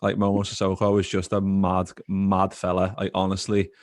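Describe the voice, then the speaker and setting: Male podcast co-host, low voice, dry sound, lively storyteller. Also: normal speed, no room sound. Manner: animated storyteller, acts out quoted voices. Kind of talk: casual chat.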